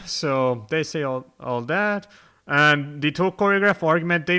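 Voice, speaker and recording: Bright, clear-voiced man hosting a podcast. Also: mid-range voice. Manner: chuckling, loose, with many restarts. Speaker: podcast host. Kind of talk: casual podcast discussion.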